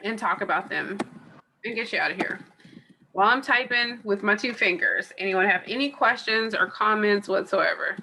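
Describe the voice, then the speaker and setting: Speaking at a moderate pace, this woman has a mid-range voice that sounds pushed and bright, with slight background noise. She's a college instructor on a video call from home or an office, reviewing class material online through a computer mic in a chatty, digressive way full of fillers.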